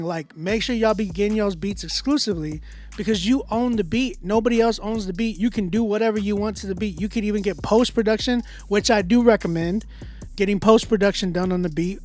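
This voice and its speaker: A man who is a music producer and engineer, giving loose, filler-heavy feedback on a live stream. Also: high-pitched. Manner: loose, conversational, many fillers and restarts. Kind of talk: casual livestream critique. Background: beat playing in the background.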